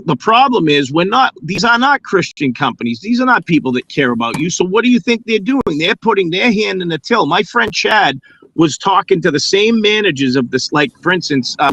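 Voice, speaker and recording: A man talking casually on a live stream, animated, often restarting his sentences and acting out what others said. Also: a little high, brisk, a little hiss or hum, rough recording.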